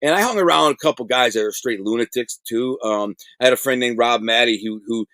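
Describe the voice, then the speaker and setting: In a casual interview, a middle-aged man tells prison stories with animated, streetwise energy, full of slang and acted-out quotes. His voice is mid-range and fairly quick, with no room sound.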